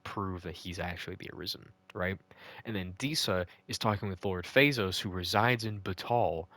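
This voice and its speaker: A man's voice: low-pitched, bright, forceful tone, no echo. A man recapping a video game, ranting and swearing in frustration. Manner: ranting, profane and exasperated. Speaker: gaming video host. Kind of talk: casual game recap commentary.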